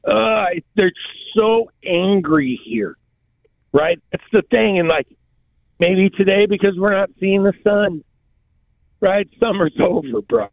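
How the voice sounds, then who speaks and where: A man chatting casually in a rambling, halting way, full of slang and restarts. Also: high voice, creaky, no echo. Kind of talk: casual chat. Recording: tinny phone line, dry.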